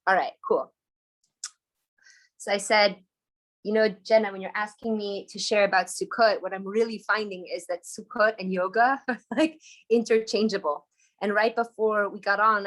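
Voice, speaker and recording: A woman's voice: medium pitch, fairly even intonation, normal speed, fairly bright tone. A woman teaching on a live video call, telling a story in an enthusiastic, chatty way. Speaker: Torah teacher.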